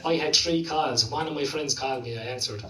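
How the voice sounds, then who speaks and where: A man's voice: mid-range voice, a little fast, sharp tone, echoey room, distant mic, low-quality recording. A man with a Limerick Irish accent doing a stand-up comedy set, rambling through sweary stories full of "like" and "you know". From Ireland. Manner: profane, rambling storytelling with lots of "like". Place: comedy club stage.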